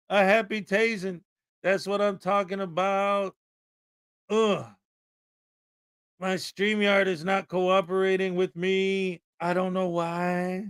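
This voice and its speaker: A man's voice: high voice, clear, resonant tone. A man hosting a livestream from his home desk, chatting casually, joking and reading out viewer donations. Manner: playful, joking, sometimes shouting excitedly. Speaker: livestream host. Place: small crammed home desk setup.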